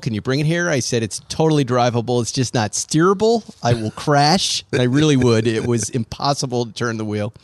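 A man's voice: medium pitch, no room sound. A man co-hosting a casual talk show, telling stories and acting out the other people's lines as he goes. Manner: animated storyteller acting out quoted voices. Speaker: podcast co-host. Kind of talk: casual chat, storytelling.

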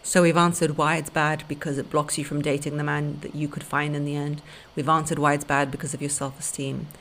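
A woman's voice: sits low, level tone, fairly quick, fairly bright tone, a little hiss or hum. A woman hosting a podcast, giving blunt, emphatic relationship advice straight to her listeners. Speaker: podcast host and dating coach.

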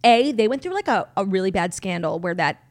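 A young American woman co-hosting a podcast in casual chat, talking fast and loose with lots of fillers. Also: medium pitch, lively intonation. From United States. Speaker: podcast co-host.

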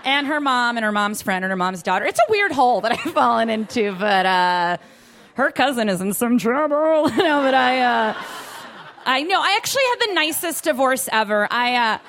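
A woman's voice: a little high, sing-song, moderate pace, a bit bright, a little hiss or hum. A woman in her thirties doing a self-deprecating stand-up set on a club stage, often laughing through her lines. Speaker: stand-up comedian.

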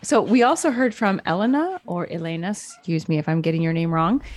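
A woman co-hosting a podcast in relaxed casual chat, now and then correcting herself as she talks. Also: fairly low pitch, a little fast. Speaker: podcast co-host.

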